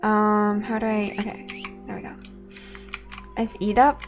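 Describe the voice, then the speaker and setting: A woman's voice: mid-range voice, little pitch movement, a little slow, music in the background. A woman streaming a game, chatting casually and thinking aloud, laughing easily. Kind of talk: casual let's-play commentary.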